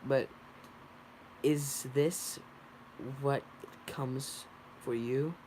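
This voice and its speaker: A man's voice: mid-range voice, fairly even intonation, drawn-out words, darkish tone, slight background noise. Barry, a brash bee lawyer, read by a man. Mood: cross-examining. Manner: stumbling reading with slips.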